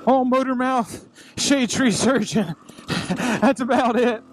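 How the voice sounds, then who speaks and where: Over loud engine noise, a man riding a dirt bike through the woods vlogs in casual self-talk, breathless, swearing and making fun of himself. His voice is extremely high-pitched, and he speaks slowly.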